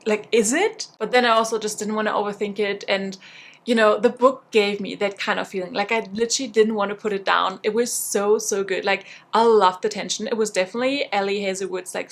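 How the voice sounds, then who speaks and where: A woman's voice: mid-range voice, reverberant. A young woman vlogging casually about books she read, gushing and chatty with lots of fillers. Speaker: book vlogger. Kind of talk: casual reading vlog chat.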